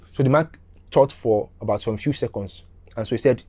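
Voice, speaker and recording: A middle-aged man telling a story casually, animated and repetitive, acting out the scenes. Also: mid-range voice, normal speed, breathy edge.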